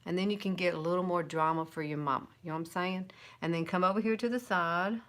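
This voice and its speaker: A woman's voice: lowish voice, fast, a bit bright. A woman over fifty from the American South, with a Southern accent, giving a chatty, encouraging live makeup tutorial. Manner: chatty and encouraging, with little laughs. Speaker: makeup vlogger.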